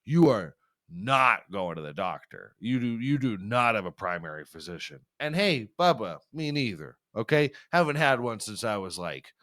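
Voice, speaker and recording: A young man does a profane, rambling comedy bit on his podcast. His pitch swings all over as he riffs, and he keeps breaking into laughter at his own jokes. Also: big pitch swings, normal speed, a bit bright. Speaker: podcast host. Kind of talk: crude comedic monologue.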